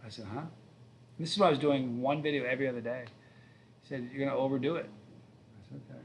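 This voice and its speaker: Fifty-something male streamer, casual rambling chat, mid pitch, faint room hum behind. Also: quick pace, gravelly. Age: 50s. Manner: rambling, chatty storyteller. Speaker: livestream host. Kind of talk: casual live-stream chat reading viewer questions.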